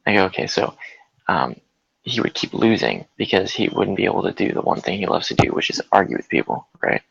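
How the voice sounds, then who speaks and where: A man's voice: low-pitched, very animated, brisk, gravelly, fairly bright tone, slightly rough, dry recording, muffled recording. A man in casual chat, rambling through a story with many fillers and laughing as he goes. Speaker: guest.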